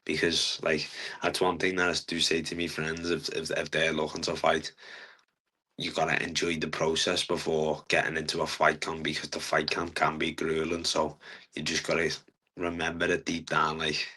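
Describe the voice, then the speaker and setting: A young man, a fighter talking earnestly in a casual interview, halting often with fillers. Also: a bass voice, monotone, pushed and bright, husky. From England. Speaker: guest fighter.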